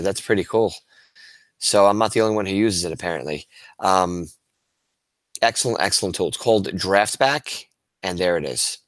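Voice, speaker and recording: A man with a low, deep voice walks other teachers through a screen demo in a relaxed, enthusiastic way. He restarts words now and then and keeps it conversational. The recording is dry and close, with little room sound. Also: dry recording. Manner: casual and enthusiastic, with frequent restarts and fillers. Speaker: teacher presenting to educators. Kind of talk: webinar presentation with screen demo.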